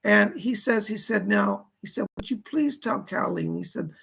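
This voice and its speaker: A male psychic medium on a live stream, reading out viewer donations and questions and relaying spirit messages with lots of "he said". He sounds hoarse and coughs now and then. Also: high voice, animated, normal speed, a bit bright.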